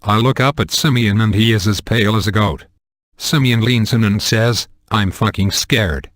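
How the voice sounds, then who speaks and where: A man narrates a spoof horror story in a flat, deadpan way, and the crude jokes land without any change of tone. His voice sits on the low side and sounds dry and close to the mic. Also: moderate pace, no echo. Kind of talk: amateur comedic horror story reading.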